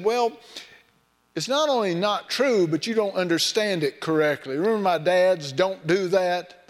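A man preaching a sermon in a folksy, storytelling way, mixing scripture with personal anecdotes. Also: a little high. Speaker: pastor. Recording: long hall reverb.

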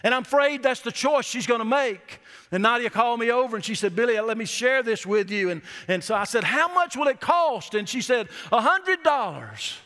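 A high, bright, forceful voice fills a reverberant church sanctuary as a middle-aged pastor gives an animated sermon. He tells folksy stories and slows his delivery to underline key words.

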